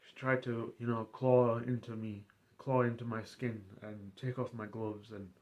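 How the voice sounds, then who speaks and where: Casting: rambling male streamer recapping a roleplay, middle pitch, halting delivery. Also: level tone, dull audio. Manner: rambling, halting, many fillers and restarts. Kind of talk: casual storytelling of a roleplay.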